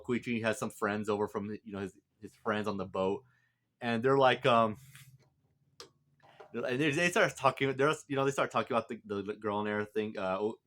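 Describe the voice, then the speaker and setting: A man casually reviewing a movie, rambling with lots of fillers and restarts. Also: on the low side. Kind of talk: casual film review vlog.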